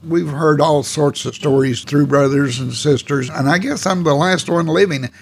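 A man's voice: fairly high pitch, normal speed, creaky, breathy edge. A man, telling his life story in a folksy, rambling, plainspoken way. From Oklahoma. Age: 80s. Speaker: oral history interviewee. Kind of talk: casual storytelling reminiscence.

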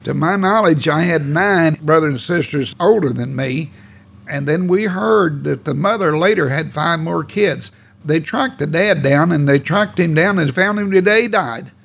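A man's voice: fairly high pitch, normal speed, vocal fry, a bit bright. A man, telling his life story in a folksy, rambling, plainspoken way. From Oklahoma. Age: 80s. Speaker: oral history interviewee. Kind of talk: casual storytelling reminiscence.

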